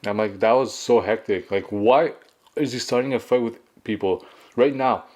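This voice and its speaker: A man's voice: lowish voice, normal speed, darkish tone. A young man from Canada telling a casual story while eating, chatty and full of fillers. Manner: chatty, filler-heavy storytelling with acted quotes. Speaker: mukbang vlogger.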